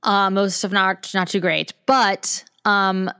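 A woman's voice: medium pitch, level tone, slow, bright, forceful tone, clean tone, no echo, clean studio sound. A woman co-hosting a podcast in casual chat, talking in long chatty runs that she strings together with "like". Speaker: podcast co-host.

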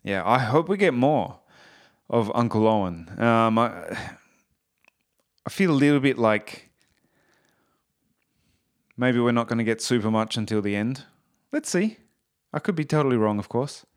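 Man with a smooth, resonant voice. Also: medium pitch, lively intonation, measured pace, long pauses. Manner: enthusiastic, rambling with fillers and restarts. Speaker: musician reviewing a TV series. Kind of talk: casual spoken review.

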